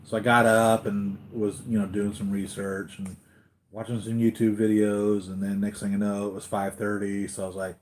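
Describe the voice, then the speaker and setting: A man's voice: on the low side, level tone, normal speed, slight background noise. Tired, rambling male collector. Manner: rambling, chatty, restarts a lot while talking to viewers. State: tired from a sleepless night. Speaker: collector hosting a live unboxing stream. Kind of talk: casual live-stream chat.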